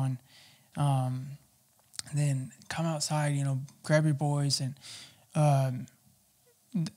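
A man telling his personal testimony as an interview guest, talking haltingly with many fillers and restarts. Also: fairly high pitch, a little mellow.

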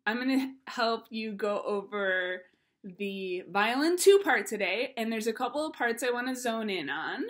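A woman teaching a recorded violin lesson to her students, giving homework and instructions in a playful, encouraging way. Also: medium pitch.

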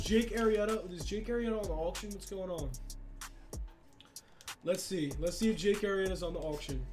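A young man commenting on a sports video game, hyped and slangy, swinging from shouts to mutters. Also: high voice. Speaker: gaming YouTuber.

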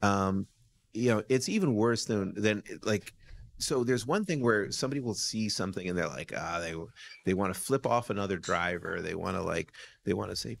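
A man's voice: on the low side, normal speed, vocal fry. An American man, a lawyer and guest on a podcast, chatting casually and telling stories, restarting sentences with many "you know"s. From United States. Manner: animated storyteller.

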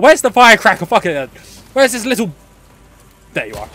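A man narrates his own gameplay in a high, lively voice, veering from shouts and curses to quick, chatty asides. He laughs easily and talks straight to his viewers. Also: gravelly. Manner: excitable, yelling and swearing at the game. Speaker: gaming channel host. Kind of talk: let's play commentary.

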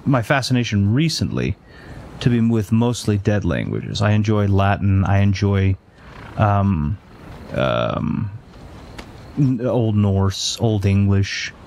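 Low-voiced man rambling on a tangent. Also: big pitch swings, takes it slowly, creaky, a little mellow, a little hiss or hum. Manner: rambling, goes off on tangents with many fillers. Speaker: let's play host. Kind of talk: casual gameplay chat.

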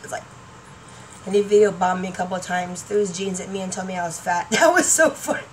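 A middle-aged woman rambles excitedly through a casual home vlog, laughing between thoughts. She sits back from a laptop mic, so her voice sounds somewhat distant, with a faint hum of room noise underneath. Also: lowish voice, fast talker. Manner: chatty, excitable, laughing often, trailing off. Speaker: YouTuber. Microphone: laptop webcam mic.

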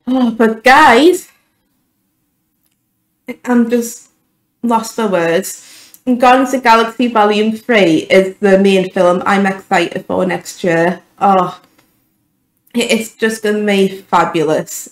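A woman's voice: mid-range voice, slow pace, long pauses, echoey room, low-quality recording. A young woman giving an emotional, gushing reaction to a film trailer, stumbling over her words as a YouTube vlogger. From United Kingdom.

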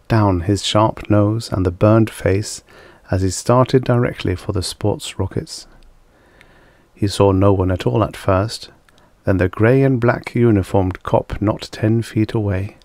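Male audiobook reader, deep and unhurried, measured and dramatic, dry close recording. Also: a little mellow, no room sound. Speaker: audiobook narrator. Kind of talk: scripted narration of vintage science fiction.

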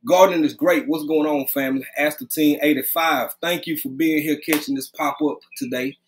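A man's voice: fairly high pitch, steady tone, normal speed, slight background noise. A man hosting a casual live stream, greeting viewers by name in a loose, conversational way, talking close to his webcam at home. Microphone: webcam, leaning close.

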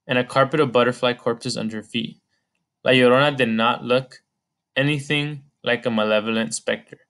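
A man narrating an audiobook chapter in a measured storytelling manner. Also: mid-range voice, fairly bright tone. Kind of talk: scripted narration.

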